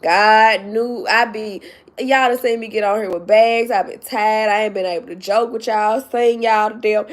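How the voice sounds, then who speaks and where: A woman YouTube vlogger chats casually on her livestream, emphatic and tearful with joy, calling her viewers "baby" and "y'all." Her mid-range voice keeps a steady tone at normal speed.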